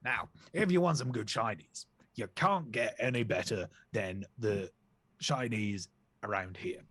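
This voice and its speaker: A man's voice: medium pitch, sing-song, measured pace, breathy edge, no room sound, exaggerated voice. A man voicing a scheming male crocodile who rambles in a put-on posh voice that drifts toward a pirate growl. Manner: rambling, trails off and restarts.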